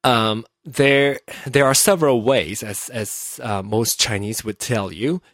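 A man's voice: mid-range voice, slow pace, a bit bright, no echo, clean studio sound. A man whose first language is Mandarin, hosting a casual solo podcast from home, rambling and self-interrupting as he explains things and laughing easily. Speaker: podcast host.

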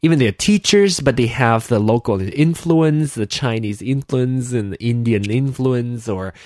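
A man's voice: mid-range voice, measured pace, darkish tone, no echo, clean studio sound. A man from Malaysia with a Malaysian English accent, slightly British, hosting a casual solo podcast and rambling with many restarts. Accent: Malaysian English with a slight British touch. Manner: rambling, chatty, many restarts and self-corrections. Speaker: podcast host.

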